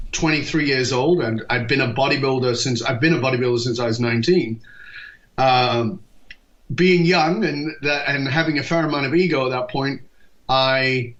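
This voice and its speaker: A medium-pitched English man in his fifties, a leadership speaker, narrates stories in an interview with lively energy. He acts out the dialogue he quotes and slips in quick asides, though the lo-fi podcast recording is dull.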